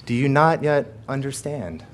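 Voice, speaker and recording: A pastor preaching a sermon with emphatic repetition and rhetorical questions, swinging between forceful passages and hushed prayer. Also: male voice, medium pitch, expressive, unhurried, a little hiss or hum. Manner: emphatic preaching, rising loud then dropping to hushed prayer; repeats phrases and asks rhetorical questions.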